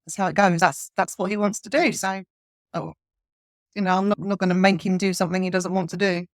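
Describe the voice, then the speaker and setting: A woman's voice: fairly low pitch, little pitch movement, brisk, no echo, studio quality. A woman being interviewed as a horse communicator, speaking earnestly with frequent restarts. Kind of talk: casual interview chat.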